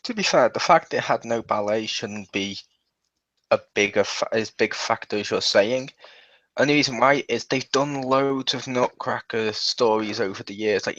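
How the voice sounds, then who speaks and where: A man's voice: fairly low pitch, fairly bright tone, dry recording. A man co-hosting a casual film review, bluntly arguing his point. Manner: blunt, argumentative. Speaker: co-host. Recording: dull dry lo-fi mic.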